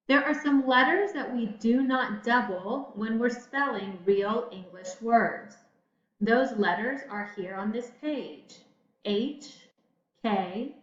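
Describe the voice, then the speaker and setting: A woman teacher giving a patient phonics lesson to children, speaking slowly and pausing for answers. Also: a little high, fairly bright tone. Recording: echoey room, slightly dull sound.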